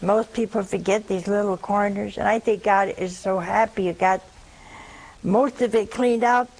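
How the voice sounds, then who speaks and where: A woman's voice: mid-range voice, fairly even intonation, moderate pace, a little mellow, poor audio. An older woman giving a sermon, telling humorous stories in a folksy way and acting out the dialogue. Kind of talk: sermon with storytelling.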